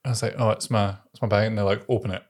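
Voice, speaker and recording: A man's voice: lowish voice, steady tone, very fast, darkish tone. A young man co-hosting a podcast, chatting casually and telling stories with a lot of laughter. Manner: chatty storyteller, laughs often. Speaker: podcast co-host. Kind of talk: casual chat.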